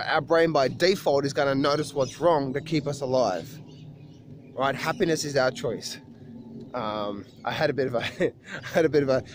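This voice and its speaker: A man's voice: mid-range voice, no echo. Tired, swearing man vlogging outdoors. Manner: rambling, upbeat, swears often, laughs. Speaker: trading coach vlogger. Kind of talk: casual outdoor vlog. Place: outdoors at sunrise.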